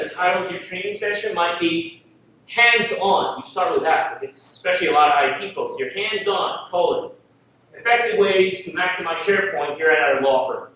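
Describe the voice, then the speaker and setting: High-voiced man presenting in an echoey hall. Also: fairly bright tone. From Philippines. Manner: jokey, asks the audience questions. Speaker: conference presenter. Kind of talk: live presentation talk. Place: conference hall. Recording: distant mic, echoey hall, dull sound.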